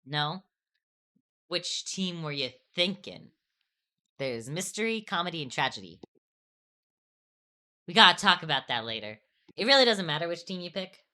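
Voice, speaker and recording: Low-voiced young woman chatting on stream. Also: sing-song, moderate pace, long pauses, pushed and bright. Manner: rambling, restarts sentences, laughs often. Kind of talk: casual chat on an art stream.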